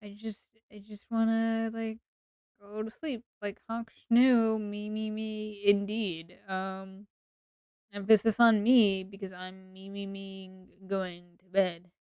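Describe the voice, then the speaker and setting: A woman's voice: medium pitch, little pitch movement, slow, a little mellow, clear, resonant tone, no room sound, lo-fi sound. A woman streamer chatting casually late at night, sleepy, rambling and playfully teasing her chat.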